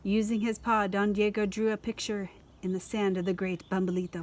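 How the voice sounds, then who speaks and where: A woman school librarian reading a children's picture book aloud in a lively, expressive way. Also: mid-range voice, brisk.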